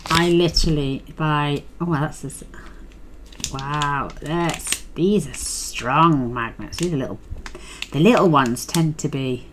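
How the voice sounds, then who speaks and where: Chatty middle-aged craft host, deep for a woman, casual and rambling, noisy tabletop sounds behind. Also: slow. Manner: chatty, rambling, thinks aloud with fillers. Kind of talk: casual craft tutorial chat.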